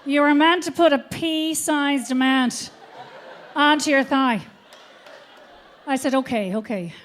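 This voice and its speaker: A middle-aged woman with an Irish accent works a theatre crowd through a stand-up routine. Her voice sits high, and she tells the story with lively, foul-mouthed energy. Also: takes it slowly. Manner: animated, swearing storyteller. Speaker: stand-up comedian. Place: theatre stage before a live audience.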